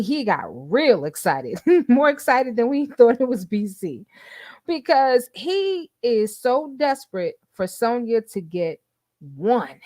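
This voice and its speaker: A woman's voice: medium pitch, a little mellow, no room sound, studio quality. An older woman hosting a casual livestream, chatting and gossiping with frequent laughs. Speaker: YouTube host.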